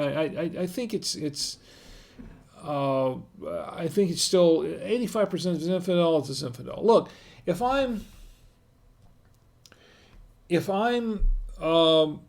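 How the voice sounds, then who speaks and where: Guy with a gravelly kinda high voice chatting away on his wine stream, rambly, thinking out loud. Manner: rambling and conversational, thinking aloud. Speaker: host of a wine tasting livestream. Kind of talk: casual livestream chat, reading viewer comments.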